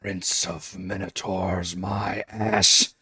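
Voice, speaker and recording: Guy doing a creepy undead lord voice, low and breathy, draws every word out. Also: little pitch movement, dry recording, exaggerated voice. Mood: cold menace. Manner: slow, hushed, half-whispered delivery. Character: ancient undead male lord, cold and commanding.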